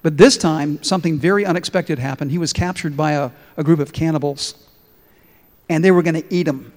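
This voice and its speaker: A man's voice: on the high side, fairly quick, a little mellow, in a large hall. A man preaching a sermon as a pastor in an emphatic, storytelling way.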